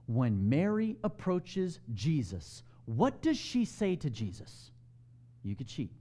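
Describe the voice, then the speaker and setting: A man preaching a sermon, animated and emphatic, asking the congregation direct questions and dropping to a hush on key lines. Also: a little high, takes it slowly. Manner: swings between loud emphasis and hushed softness. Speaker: pastor.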